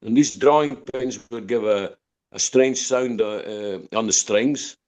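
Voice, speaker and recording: An older Scottish man, originally from Dundee, talks a little slowly in a mid-range, slightly mellow voice. He's a musician guesting on a podcast interview, rambling through long anecdotes with frequent restarts and repeated words.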